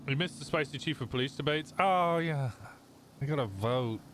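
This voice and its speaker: A man's voice: medium pitch, animated, moderate pace, slight background noise. A British man streaming a roleplay game, chatting casually in character, laughing easily and trailing off into restarts.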